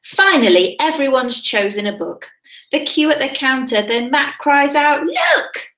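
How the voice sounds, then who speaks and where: A woman teacher, reading a picture book aloud to children in a sing-song, expressive way and asking them questions. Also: high-pitched, moderate pace. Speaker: primary school teacher. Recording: roomy echo.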